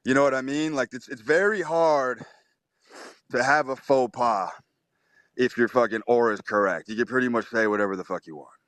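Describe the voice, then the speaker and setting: Man, profane, swaggering, emphatic, live audio chat, mid-pitched, dry close mic. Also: moderate pace, fairly bright tone, no room sound. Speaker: host.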